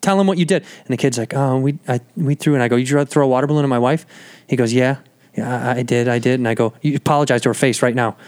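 A man's voice: mid-range voice, fairly even intonation, a little mellow. A man telling a story as a guest on a casual podcast, swearing freely and acting out the people in it. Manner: fast, profane storytelling that acts out the people in the story. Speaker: guest comedian.

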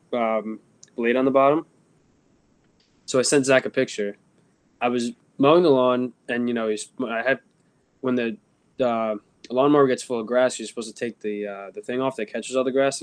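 A man co-hosting a podcast, chatting in a laid-back way with lots of fillers. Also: medium pitch. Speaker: podcast co-host. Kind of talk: casual chat.

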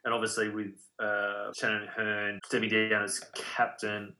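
A man's voice: fairly low pitch, unhurried. An Australian man co-hosting a casual podcast, analysing football in a loose, filler-heavy way. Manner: relaxed footy analysis, many fillers. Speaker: podcast co-host. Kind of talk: casual chat.

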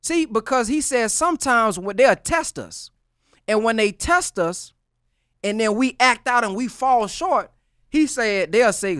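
A man talking like a preacher in a relaxed group chat, his voice swinging from low, hushed asides up to loud punches. He uses street slang and acts out the voices of the people he quotes. The sound is dry and close to the mic. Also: a little slow, clear, resonant tone, dry recording. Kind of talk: preaching-style casual talk.

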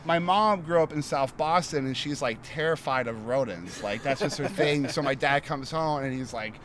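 A man's voice: mid-range voice, moderate pace. A man in his thirties or forties telling a story in casual, profane chat, rambling with lots of filler words. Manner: animated storytelling. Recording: loud crowd noise behind.

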